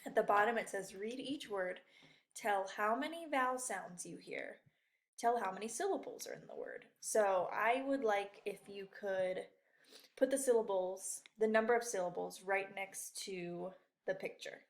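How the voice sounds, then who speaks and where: A woman's voice: mid-range voice, normal speed. A woman teacher going over a worksheet in a remote lesson for young children, patient and encouraging.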